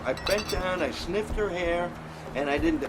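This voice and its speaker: A man's voice: sits high, unhurried, background noise. A man playing a sheepish young man who nervously defends himself in an outdoor comedy sketch. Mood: defensive.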